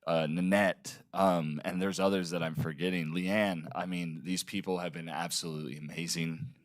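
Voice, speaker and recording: A man's voice: sits low, steady tone, normal speed. A man giving heartfelt, emotional remarks at a public board meeting, with many fillers. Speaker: board member.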